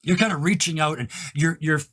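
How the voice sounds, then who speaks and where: A man running a tabletop role-playing game, describing scenes with enthusiasm and quick asides. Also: fairly high pitch, fairly bright tone, husky. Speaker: game master.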